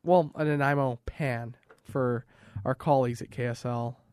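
A man's voice: mid-range voice, moderate pace, clean tone, dry recording. Chatty man in his twenties, dry studio sound. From Canada. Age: 20s. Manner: joking, animated storytelling. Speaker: podcast co-host. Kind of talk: casual chat.

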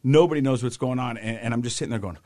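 A man with a mid-range voice co-hosts a casual talk show, talking very fast as he energetically tells a story and acts out the people in it. The sound is clean studio quality with no echo.

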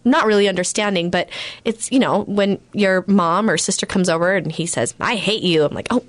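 A woman's voice: mid-range voice, moderate pace, dry recording. A woman in her thirties, a radio guest, telling a personal story and acting out the quotes in it. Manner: animated storyteller who acts out quotes.

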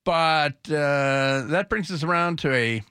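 A man's voice: fairly high pitch, slow pace, bright, forceful tone, clear, resonant tone, dry recording. A man hosting a talk radio show, rambling commentary with sarcastic, mocking asides into a studio microphone.

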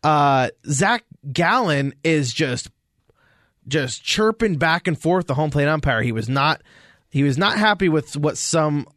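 A man's voice: fairly high pitch, unhurried, no room sound, studio quality. A man co-hosting a casual sports podcast, telling stories with lots of energy and acting out quotes. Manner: animated storytelling, acts out quotes. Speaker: podcast co-host.

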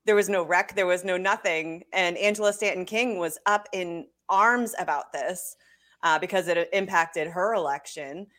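A woman's voice: fairly low pitch, moderate pace, a bit bright. A woman co-hosting a political talk show, speaking firmly and with indignation. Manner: firm, indignant. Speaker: co-host.

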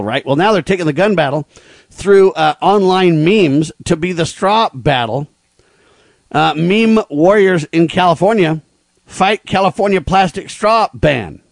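A man hosting a talk radio show, delivering emphatic, preachy commentary in quick bursts. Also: a little high, gravelly, dry recording.

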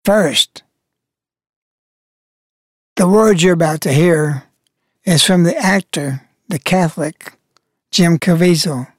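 A woman's voice: lowish voice, slow pace, long pauses, no room sound, clean studio sound. A woman hosting a religious broadcast, delivering preachy, scolding commentary. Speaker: broadcast host.

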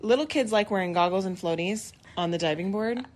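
A woman's voice: mid-range voice, a little fast. A woman in her thirties, a podcast co-host, telling a story in casual chat and acting out the quotes. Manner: animated storyteller, acts out quotes, laughs often.

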